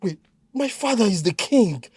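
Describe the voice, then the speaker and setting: A man's voice: high-pitched, animated, normal speed, darkish tone, husky, dry recording. An actor playing a frightened young male captive, stammering and begging to be let go. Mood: pleading. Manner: pleading, stammering in fear.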